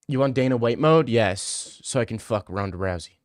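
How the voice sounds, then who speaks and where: A man's voice: mid-range voice, lively intonation, moderate pace, no room sound, studio quality. A young man streaming casually, answering viewer messages in a crude, rambling, joking way.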